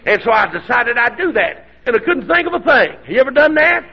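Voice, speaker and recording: A high, husky voice from a middle-aged preacher nursing a sore throat, gravelly at the edges as he spins a homespun story. He swings from hushed drawl to hollering praise. The recording is dull and lo-fi. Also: sing-song, brisk, few pauses. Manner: folksy, building to hollering. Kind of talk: sermon storytelling.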